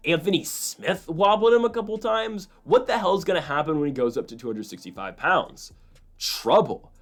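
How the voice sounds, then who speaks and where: A man's voice: fairly high pitch, lively intonation. A young man casually hosting fight predictions, rambling with lots of fillers and side jokes. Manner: rambling, fast, full of fillers and asides. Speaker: host making fight predictions. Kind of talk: casual commentary.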